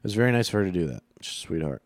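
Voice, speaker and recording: A man co-hosts a podcast in loose, crude banter, swearing freely and joking around. His voice sits on the low side. The sound is dry and close, with no room echo. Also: big pitch swings, racing. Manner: joking, profane, puts on silly voices. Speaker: podcast co-host.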